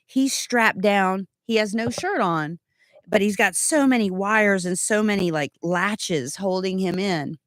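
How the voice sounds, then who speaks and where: Thirties woman, earnest and animated, telling a personal story; medium pitch, dry recording. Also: a little slow, no room sound. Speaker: guest giving testimony. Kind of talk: emotional personal testimony.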